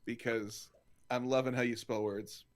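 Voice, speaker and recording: A man's voice: medium pitch, fairly even intonation, normal speed. A man co-hosting a casual online group chat, playful and teasing. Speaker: co-host. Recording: video call audio.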